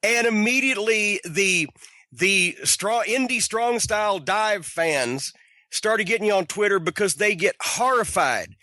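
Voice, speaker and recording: A man's voice: high voice, expressive, a little slow, pushed and bright, dry recording. A man hosting a podcast interview, talking emphatically with strong opinions and the odd swear. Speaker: podcast host.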